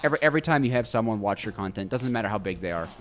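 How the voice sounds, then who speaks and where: An American man hosting a casual group chat, animated and quick to laugh. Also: fairly low pitch. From United States. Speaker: host.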